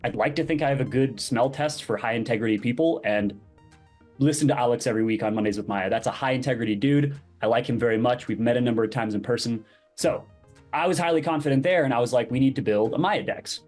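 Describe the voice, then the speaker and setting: A man spinning a story as a podcast guest, animated, slipping into the voices of the people he quotes. His pitch sits in the middle range. Music plays faintly underneath. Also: quick pace. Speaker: podcast guest, crypto project founder. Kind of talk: casual interview storytelling.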